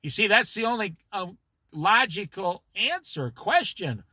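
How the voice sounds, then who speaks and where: A man's voice: high-pitched, lively intonation, unhurried, pushed and bright, slightly rough, no echo. A man leading an informal Bible study, preaching emphatically and talking straight to his listeners.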